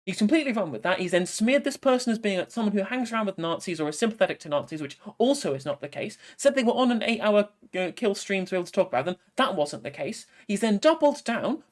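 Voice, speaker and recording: A commentator narrates a video at a fast clip, laying out criticisms assertively. The voice sits in a middle pitch. The tone stays pointed and sure. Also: animated.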